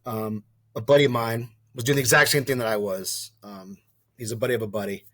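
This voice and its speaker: A man of about forty is telling a long personal story in a relaxed interview. His voice sits in the middle range and is recorded close and dry. He wanders, backs up to fix details, swears casually and voices the people in his story. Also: mid-range voice, fairly quick, dry recording. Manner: rambling, restarts and corrects himself often; casual and profane, acts out quoted dialogue. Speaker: podcast guest, former soldier and wildland firefighter.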